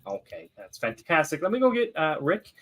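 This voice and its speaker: A man's voice: fairly high pitch, huge pitch swings, moderate pace, a bit bright, pitched above the performer's own voice, exaggerated voice. A man doing a gushing older bar hostess. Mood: fussing. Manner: gushing, affectionate.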